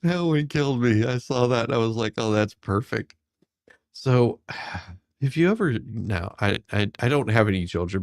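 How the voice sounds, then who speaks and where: A man's voice: lowish voice, no room sound, clean studio sound. A man hosting casual news commentary, mocking and laughing often. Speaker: host.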